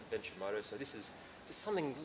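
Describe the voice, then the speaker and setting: A man handing over a motorbike, trading quick, teasing one-liners. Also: lowish voice, very animated. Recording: noisy location audio.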